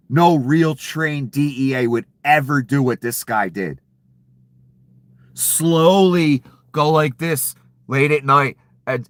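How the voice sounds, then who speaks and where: A man's voice: mid-range voice, a bit bright, no echo. A man delivering an angry, profane political rant, sarcastic and furious. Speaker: political commentator.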